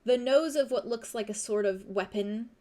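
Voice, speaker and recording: A young adult woman serving as game master, narrating a tabletop game with unhurried, vivid scene-setting. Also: on the high side, warm tone.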